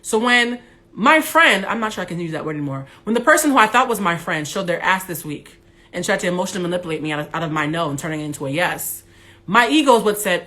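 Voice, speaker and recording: A young adult woman with a big, loud voice, hosting a candid livestream monologue on her phone, blunt and animated, with some profanity. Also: fairly low pitch, fast talker. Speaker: Instagram Live host.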